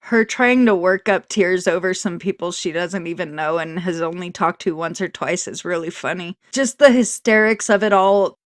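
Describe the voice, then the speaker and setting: A woman's voice: on the low side, moderate pace, few pauses, no room sound. A woman commentator giving sarcastic remarks over clips, dry and mocking with wry asides.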